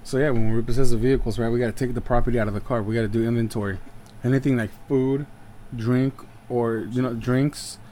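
Man, mid pitch, rambling casual podcast chat, faint hum behind. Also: fairly even intonation, fast talker, mellow. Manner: rambling, joking, many fillers. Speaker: podcast co-host.

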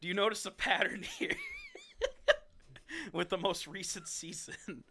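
A young man co-hosting a podcast, reviewing a ranked list of TV seasons in a sarcastic, animated way with frequent laughs. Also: sits high, slow. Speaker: podcast co-host. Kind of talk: casual ranking review chat.

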